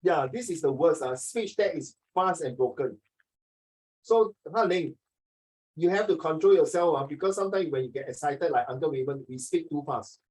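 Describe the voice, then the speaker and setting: A man teaching an online English class over a video call, talking fast and jokingly, often ending his sentences with "ah" and "okay". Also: a little high, a little mellow, husky, rough recording.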